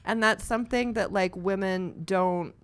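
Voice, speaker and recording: A woman co-hosting a casual comedic podcast, emphatic and quick to interrupt and tease. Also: medium pitch, slight background noise. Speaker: podcast co-host.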